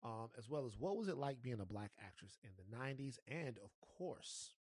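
A man's voice: mid-range voice, lively intonation, normal speed, darkish tone, breathy edge, no room sound. A man hosting a podcast, asking playful questions in a casual chat. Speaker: podcast host.

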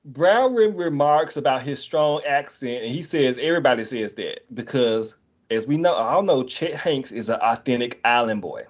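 A man's voice: medium pitch, expressive, moderate pace. A man hosting a podcast in casual chat, laid-back and laughing easily as he recaps a show. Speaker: podcast host recapping an episode. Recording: dull lo-fi sound.

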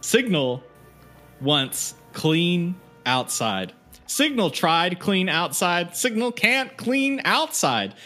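A man voicing a dim-witted, childlike hulking creature who talks in slow, broken phrases about himself. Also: high-pitched, very animated, sharp tone, soft background music, exaggerated voice. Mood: pleading.

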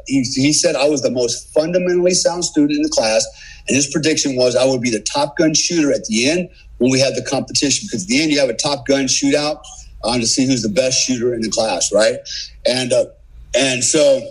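Husky-voiced man telling a war story. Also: medium pitch, low-quality recording. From United States. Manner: animated, swearing, acts out quotes. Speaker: podcast guest, former special forces operator. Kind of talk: casual storytelling.

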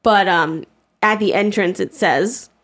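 A woman's voice: medium pitch, a little slow, fairly bright tone. A woman in her twenties co-hosting a podcast in casual chat, talkative, swearing freely and laughing often as she acts out quotes. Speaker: podcast co-host.

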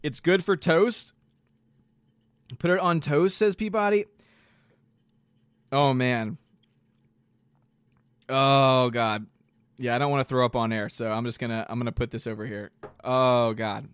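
A man casually live-streaming, reading chat aloud and reacting in an animated way, throwing in lots of "dude" and "man.". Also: mid-range voice, unhurried, long pauses, clear, resonant tone, dry recording. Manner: animated, exclaiming, says "dude" and "man" a lot.

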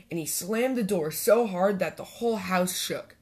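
A woman's voice: on the low side, moderate pace, a little mellow. Woman reading a children's story aloud. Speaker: storytime host and reader.

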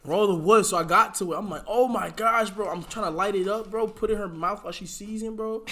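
A man's voice: high-pitched, quick pace, bright, forceful tone. A young man, a podcast guest, telling a story in casual slang, keeps saying "bro" and breaks into laughing fits.

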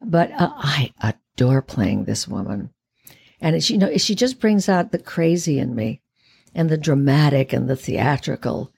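Gravelly, husky woman in her eighties. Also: extremely low pitch, expressive, measured pace, a little mellow. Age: 80s. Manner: theatrical, laughs often. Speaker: guest actress. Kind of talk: casual interview chat.

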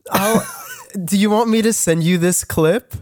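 A man's voice: high voice, measured pace, a little mellow, no echo, studio quality. A man co-hosting and editing a podcast, bewildered and cursing in casual chat. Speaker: podcast co-host and editor.

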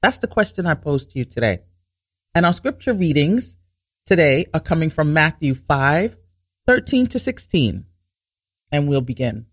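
A man hosting a Bible teaching talk show, explaining scripture earnestly, restarting sentences to stress his points and reading verses slowly. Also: a little high, big pitch swings, no room sound, studio quality. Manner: reads scripture slowly and deliberately.

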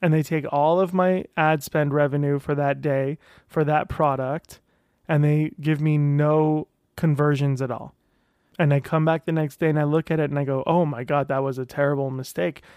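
Animated man talking close and dry. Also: a little high, moderate pace, smooth, no echo. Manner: animated, self-talking, acts out quoted voices. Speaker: vlogger sharing weight-loss surgery journey. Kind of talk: casual monologue.

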